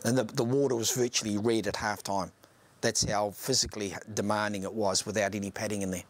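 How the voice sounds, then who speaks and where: A former footballer recounting a tough match in an interview, matter-of-fact in tone. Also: male voice, on the low side, steady tone, brisk. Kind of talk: retrospective interview.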